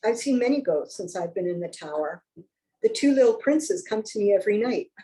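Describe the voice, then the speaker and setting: A woman's voice: medium pitch, expressive, fairly quick, warm tone, close to an everyday voice, rough recording. A woman voicing a haughty, suspicious ghost of a queen, speaking in a clipped, imperious way during a story reading. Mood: stern.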